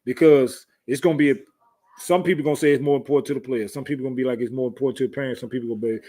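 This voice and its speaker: A man's voice: mid-range voice, steady tone, very fast, dark tone. A man co-hosting a podcast in a loose, laid-back way, joking about talking trash and thanking listeners. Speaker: podcast co-host. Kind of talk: casual chat.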